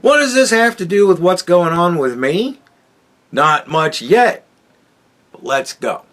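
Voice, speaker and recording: A man's voice: high voice, animated, slow, fairly bright tone. A man hosting a podcast, telling a rambling, profane story in a casual monologue. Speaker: podcast host.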